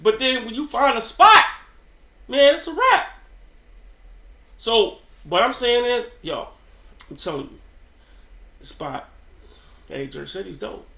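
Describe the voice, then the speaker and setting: High, bright-voiced New man rambling. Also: big pitch swings, slow, vocal fry, pauses often, roomy sound. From New York. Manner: slangy, rambling, keeps asking "you know what I'm saying". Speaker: channel host. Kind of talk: casual off-the-cuff commentary.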